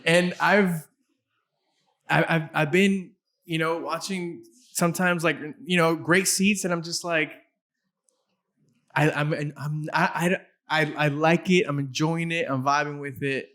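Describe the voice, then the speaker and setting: Halting, chatty male host. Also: a little high, fairly even intonation, fairly bright tone. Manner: halting, many restarts and fillers. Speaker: podcast host. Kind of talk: casual chat.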